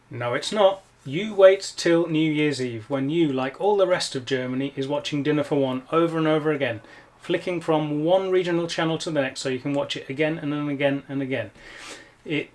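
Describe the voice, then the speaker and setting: A middle-aged Englishman talks to camera in a scripted vlog. His delivery is wry and self-mocking. His voice sits a little higher than most men's. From England. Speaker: YouTuber.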